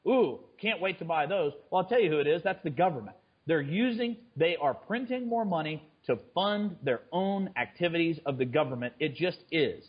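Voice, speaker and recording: A man's voice: on the high side, lively intonation, fairly quick, husky, dull audio. A man speaking as a trader guest in a conversational interview, often restarting his sentences. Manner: frequent stammered restarts. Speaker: guest, fund manager and trader.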